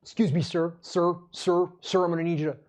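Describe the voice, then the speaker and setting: A man putting on a dull, robotic male police officer who repeats condescending commands in a monotone. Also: fairly high pitch, fairly quick, natural voice.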